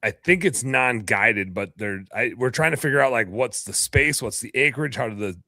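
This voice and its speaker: A man's voice: medium pitch, animated, moderate pace, bright, forceful tone, no room sound, studio quality. A man hosting a podcast, chatting casually and joking around, cursing freely. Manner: loose, joking, swears freely. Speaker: podcast host. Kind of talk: casual chat.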